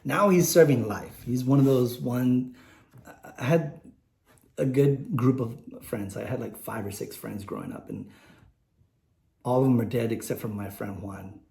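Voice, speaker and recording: A man's voice: mid-range voice, a little slow, creaky, a little mellow. Candid middle-aged man, echoey room. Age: late 40s. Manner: rambling, candid, many fillers and restarts. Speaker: vlogger telling a personal story. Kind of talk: unscripted personal storytelling. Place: indoors, warm room.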